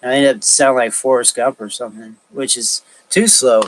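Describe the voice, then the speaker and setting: A man's voice: medium pitch, steady tone, a little hiss or hum, rough recording. Man rambling through a livestream. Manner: thinking aloud, halting with frequent restarts. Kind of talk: rambling solo livestream talk.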